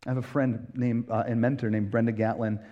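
A man's voice: medium pitch, level tone, brisk, dull audio. A man hosting a podcast, delivering an earnest, emphatic preaching-style monologue and acting out quoted voices. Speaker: podcast host, pastor.

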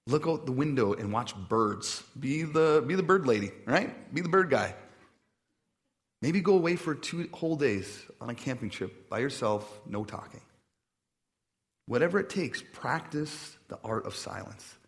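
A man preaching a sermon in an easygoing, conversational style, with a voice neither high nor low. He tells stories with self-deprecating asides and hesitations. On reflective points he drops to a quiet, slowed delivery. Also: expressive. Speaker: pastor.

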